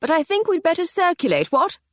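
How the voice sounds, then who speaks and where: A woman's voice: extremely high pitch, big pitch swings, fairly quick, no room sound, clean studio sound, pitched above the performer's own voice. A woman voicing a jovial, blustering elderly aristocrat in an audiobook. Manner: hearty, blustering.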